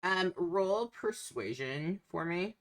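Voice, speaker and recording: Low-voiced woman game master. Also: lively intonation, slow. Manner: hesitant, lots of ums. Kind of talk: narrating a tabletop game.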